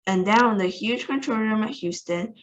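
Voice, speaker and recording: A woman reading a children's novel aloud with lively, expressive narration. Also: mid-range voice, normal speed, dull audio. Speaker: storybook reader.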